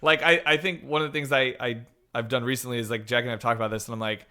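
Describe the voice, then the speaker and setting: A man with a bright, forceful tone talks as a guest on a casual podcast. He tells personal stories in a relaxed way. His voice sits at a middle pitch. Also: fast talker, clear, resonant tone.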